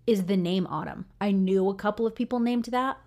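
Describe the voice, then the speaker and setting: A woman in her thirties with a Midwestern American accent, co-hosting a casual podcast in a chatty, animated way. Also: medium pitch, fairly quick. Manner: chatty, animated storyteller with frequent "like". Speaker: podcast co-host.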